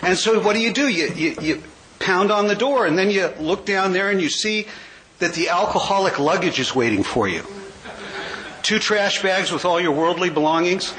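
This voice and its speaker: A man's voice: high voice, lively intonation, a bit bright, a little hiss or hum, rough recording. A man in his sixties from California, giving a wry, joke-filled recovery talk as a speaker at a large gathering. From California, USA. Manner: wry storyteller, quick jokes. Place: convention hall.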